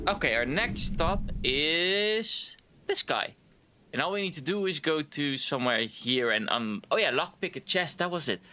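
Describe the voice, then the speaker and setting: A man's voice: mid-range voice, sharp tone, a little hiss or hum. A male streamer chatting casually while playing a game, rambling and a little tipsy. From Canada.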